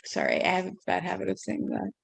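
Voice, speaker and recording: A woman writer chatting about her piece in an excitable, self-deprecating way, tripping over her words. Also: lowish voice, quick pace, gravelly, slightly rough, dry recording. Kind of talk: casual chat.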